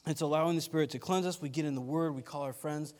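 Guy preaching a laid-back sermon, kinda high voice, rambles and jokes at his own expense, big echoey church. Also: fast talker. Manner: rambling, self-deprecating, gets animated telling stories. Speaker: pastor. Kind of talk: casual sermon. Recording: long hall reverb.

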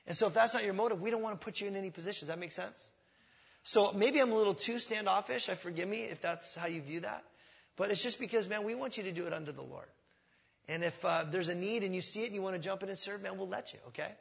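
A man preaching a sermon as pastor, in a conversational style that swells loud on key words, coughing at times, in a church. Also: high-pitched, fast talker, vocal fry. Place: church sanctuary.

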